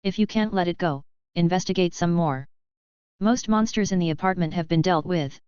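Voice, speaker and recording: A woman's voice: on the low side, normal speed, darkish tone, clear, resonant tone, no room sound, muffled recording, lightly acted. A woman reading a curt, cold young swordsman. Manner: curt, offhand. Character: cold, blunt young male fighter.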